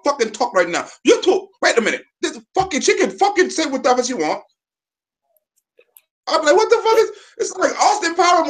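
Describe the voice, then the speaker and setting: A man co-hosting a live stream, bantering with loud, profane, reactive interjections. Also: extremely high pitch.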